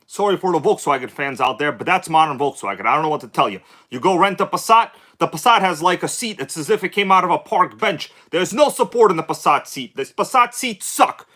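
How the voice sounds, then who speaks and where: A man's voice: fairly high pitch, expressive, fairly quick, few pauses, pushed and bright. A man hosting a live stream, talking casually with an upbeat, hyped-up manner and chatty asides to his viewers. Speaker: livestream host.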